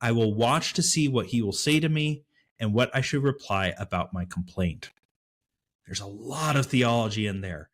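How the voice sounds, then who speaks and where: A man co-hosts a casual Bible study discussion. His voice sits at an ordinary pitch, and he talks thoughtfully and with animation, dropping in frequent fillers. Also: normal speed. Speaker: podcast co-host.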